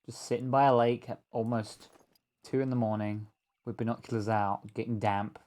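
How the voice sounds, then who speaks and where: A man's voice: on the low side, fairly even intonation, moderate pace, darkish tone. A man joking and rambling in casual banter while playing a game with a friend on a stream, laughing often. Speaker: co-player on a stream.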